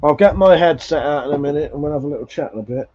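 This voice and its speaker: A man's voice: on the high side, very fast, darkish tone. A man hosting a casual livestream, chatting and swearing freely between laughs. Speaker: livestream host. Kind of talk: casual chat reading viewer comments. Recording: dull lo-fi stream audio.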